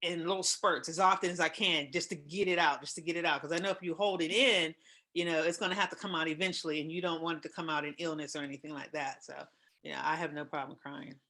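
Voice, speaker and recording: A woman in her fifties hosting a casual talk show, telling personal stories in an emotional, expressive way. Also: deep voice, fast. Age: 50s. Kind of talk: casual chat.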